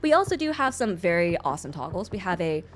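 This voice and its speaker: A woman streamer chatting casually on a livestream, expressive and quick to laugh, swearing freely. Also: on the low side, soft background music.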